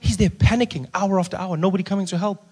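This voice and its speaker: South African comedian, animated stand-up. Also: male voice, high-pitched, fast, husky. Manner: animated storytelling, playful voices. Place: live venue with audience.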